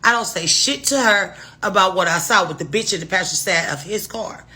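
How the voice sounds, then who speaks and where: A woman's voice: medium pitch, a little fast, bright, forceful tone, breathy edge. A woman telling a casual storytime to her viewers, rambling through restarts and asides and swearing freely. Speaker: storytime vlogger.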